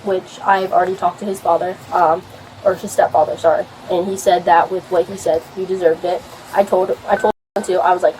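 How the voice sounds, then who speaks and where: A woman's voice: on the low side, level tone, fairly quick, a little mellow, slight background noise, low-quality recording. A young woman rambling through an account of a fight for the police, swearing often and filling her talk with fillers, recorded on a body camera at a house. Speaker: complainant speaking to police.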